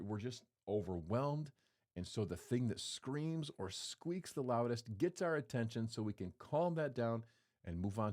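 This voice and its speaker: A man's voice: on the low side, darkish tone. A man preaching a sermon in a conversational, playful way, acting out quotes as he goes. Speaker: pastor.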